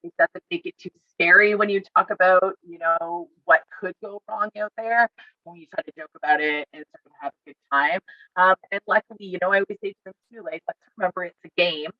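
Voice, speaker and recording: A woman's voice: on the low side, a little fast. A woman outdoor educator tells stories in a loose, conversational way, acting out both sides of her talks with children and peppering everything with "like" and "I said." The sound is dull and lo-fi, close and dry with no room echo. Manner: lively storyteller who acts out dialogue with kids; frequent "like" and "I said" fillers. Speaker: outdoor educator at a field center. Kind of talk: casual storytelling in an online educator forum.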